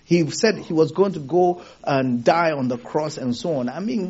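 Animated, high-voiced preacher with a husky tone. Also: male voice, dull audio. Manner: animated, laughs often, rhetorical questions to the congregation. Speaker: pastor. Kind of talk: sermon. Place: theater used for a church service.

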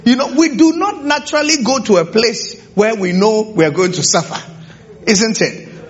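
Male preacher, very high voice, lively swooping pitch, keeps asking the congregation questions. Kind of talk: sermon. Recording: dull lo-fi recording.

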